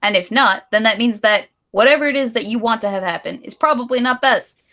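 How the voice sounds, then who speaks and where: A woman's voice: fairly high pitch, brisk, fairly bright tone. A woman co-hosting a casual live stream, ranting with strong opinions and reading viewer donations. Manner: opinionated ranting, then giggly and apologetic. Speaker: stream co-host.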